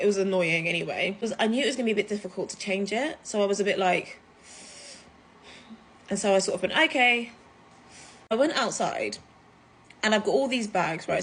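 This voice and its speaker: A woman from the UK, telling a story to camera in a chatty, animated way, full of fillers. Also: mid-range voice, slightly rough. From United Kingdom. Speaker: vlogger. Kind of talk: casual storytime vlog.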